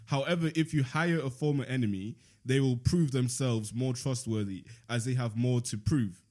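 A man's voice: mid-range voice, dark tone. Laughing man reading aloud. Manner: playful, laughs often, reads in a measured voice. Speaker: podcast host reading from a book. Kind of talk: casual chat and reading aloud.

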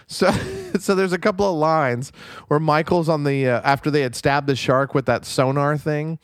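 A man with a somewhat high voice talks loosely through a movie review, laughing often and slipping into quick impressions of the characters. The sound is dry and close, with no room around it. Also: steady tone, smooth, no room sound. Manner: laughing, joking, quotes film lines in put-on voices. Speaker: podcast co-host. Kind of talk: casual movie review chat.

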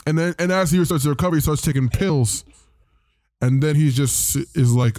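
A man's voice: mid-range voice, fairly even intonation, moderate pace, warm tone, no room sound, clean studio sound. A man hosting a podcast, casually recapping a comic in a rambling, profane way and briefly putting on voices for the characters. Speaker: podcast host.

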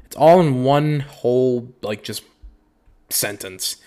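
A man's voice: mid-range voice, measured pace. Young man riffing profanely with laughs. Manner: profane, animated, laughs a lot. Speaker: podcast host. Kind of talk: casual comedic commentary.

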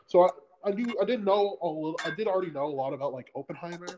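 A man's voice: sits high, lively intonation, racing, darkish tone, a little hiss or hum, rough recording. A man co-hosting a podcast in casual chat, rambling with many fillers and restarts. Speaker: podcast co-host.

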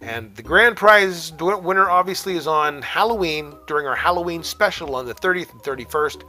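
Bright, chatty man hosting a call-in show. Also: on the high side, animated, normal speed. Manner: chatty, rambling, laughs often. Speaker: call-in radio show host. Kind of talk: casual call-in show chat.

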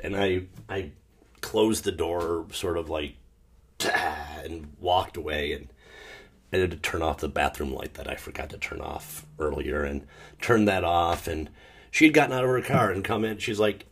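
Deep husky man, low and sad. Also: measured pace. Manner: rambling and emotional, restarting often, with sudden loud outbursts. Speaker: podcast host. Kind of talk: casual solo monologue.

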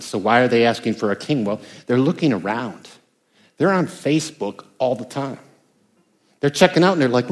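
A man's voice: mid-range voice, expressive, moderate pace. An older American man, a pastor, preaching a conversational sermon with emphatic bursts. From United States.

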